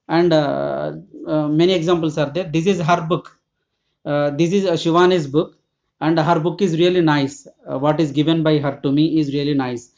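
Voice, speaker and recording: Higher-voiced male teacher, lo-fi sound. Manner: patient, repetitive explaining with many pauses. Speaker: school English teacher. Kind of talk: recorded grammar lesson for students. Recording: dull lo-fi recording.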